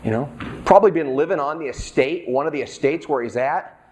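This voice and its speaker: A man's voice: a little high, a little fast, husky. A middle-aged male pastor preaching a sermon in a conversational way, acting out the characters' lines.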